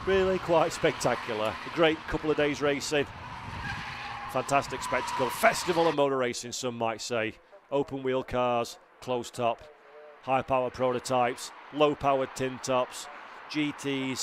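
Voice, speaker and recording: A man giving live motor racing commentary from a commentary box at the circuit, building excitement toward the finish. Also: medium pitch, background noise. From Britain. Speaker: race commentator.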